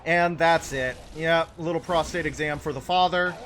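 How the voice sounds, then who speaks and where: A man's voice: fairly high pitch, steady tone, normal speed, fairly bright tone, a little hiss or hum. A young man chatting casually with his live chat while playing a game, joking and answering questions between moments of play.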